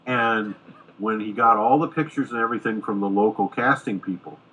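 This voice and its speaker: A man's voice: lowish voice, fairly quick, breathy edge, low-quality recording. Middle-aged man telling a film-set story. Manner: animated anecdote-telling, acting out quoted dialogue. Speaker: screenwriter guest. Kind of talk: casual storytelling in a podcast interview.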